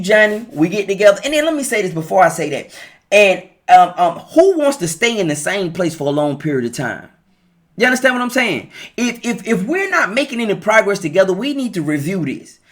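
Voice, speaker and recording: A man's voice: high voice, a bit bright. A middle-aged man giving relationship advice in a casual, preachy live talk, repeating his points with emphasis and speaking straight to his viewers. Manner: preachy, emphatic, repeats key lines, talks to viewers directly.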